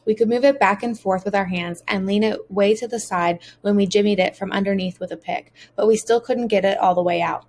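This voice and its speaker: A woman's voice: mid-range voice, fairly quick, hardly any pauses, a little mellow. A woman narrating a first-person audiobook as a teenage boy, earnest and emotional.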